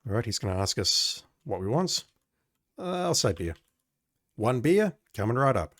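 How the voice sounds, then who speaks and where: A man's voice: medium pitch, big pitch swings, moderate pace, a bit bright, no echo, studio quality. A man giving sarcastic, exasperated commentary while playing an old adventure game. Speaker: gamer playing a retro game. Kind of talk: let's play commentary.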